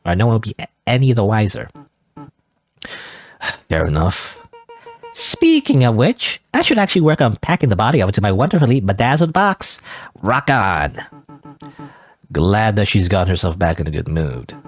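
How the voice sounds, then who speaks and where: A man giving casual, rambling, self-deprecating commentary while playing a video game. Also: fairly low pitch. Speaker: let's play gamer.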